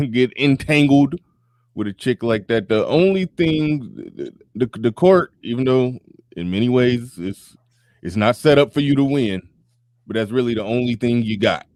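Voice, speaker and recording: A man talking in a loose, animated podcast chat, laughing often and tripping over repeated words as he restarts. His voice sits at an ordinary middle pitch. The sound is dry and close, with no room around it. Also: moderate pace, dry recording. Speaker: podcast guest.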